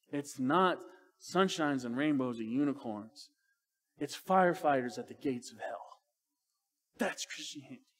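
Male preacher, high pitch, big sanctuary echo, animated quoted lines. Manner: fiery storytelling, acts out quotes. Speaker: pastor. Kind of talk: sermon. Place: church sanctuary. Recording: long hall reverb.

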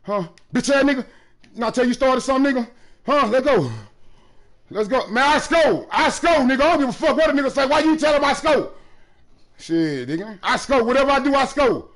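A man streaming a basketball video game, taunting other players loudly, often breaking into shouts. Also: extremely high pitch. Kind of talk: trash talk during live gameplay.

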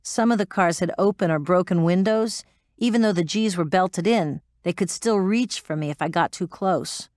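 A woman's voice: fairly low pitch, normal speed, a little mellow, dry recording, clean studio sound, lightly acted. An actress playing a blunt, profane former woman pilot recounting her story in an interview. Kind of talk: audiobook drama performance.

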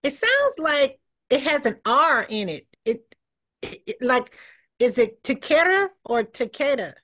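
A fairly high-voiced woman takes part in an online class over a video call. She asks curious questions and sounds out new words tentatively. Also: sing-song, a little slow, a bit bright. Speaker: student.

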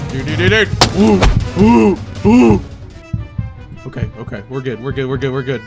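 A young adult commenting live on gameplay, panicky and yelping, with quick repeated phrases. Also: medium pitch, very animated, creaky. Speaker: gaming video creator. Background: game music.

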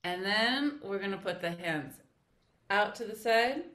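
A woman who teaches flamenco, walking someone through a dance move in a casual interview and counting the rhythm out loud in syllables. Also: mid-range voice, expressive, a little slow, background noise. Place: home, cat on her lap.

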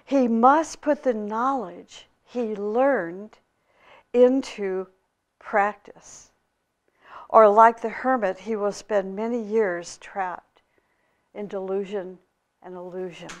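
A woman spiritual teacher giving a storytelling talk in a slow, measured way. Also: medium pitch.

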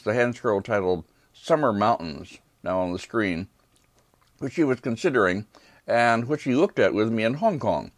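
An older man lecturing on art history from a prepared script, with calm, measured delivery and brief asides asking for the next slide. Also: fairly low pitch, no echo. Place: lecture hall.

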